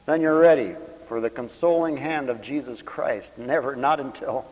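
A man preaching a radio sermon with passion, swelling loud on scripture and dropping low to tell stories. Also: normal speed, hardly any pauses. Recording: long hall reverb.

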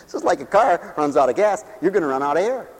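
A man preaching a comic, theatrical sermon, dropping to hushed asides and then shouting as he acts out little scenes. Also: on the high side, animated, fast, big-room sound, a little hiss or hum.

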